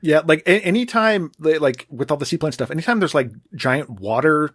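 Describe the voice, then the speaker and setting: A man co-hosting a podcast, talking in a relaxed, hesitant way with many fillers that trail off quietly. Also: a little high, fairly quick, no echo, studio quality. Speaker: podcast co-host. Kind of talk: casual chat.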